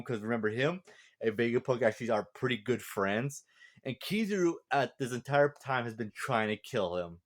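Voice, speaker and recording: A man hosting a casual spoken review of a comic chapter, laid-back and chuckling often, with plenty of fillers. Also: on the low side. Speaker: manga review channel host.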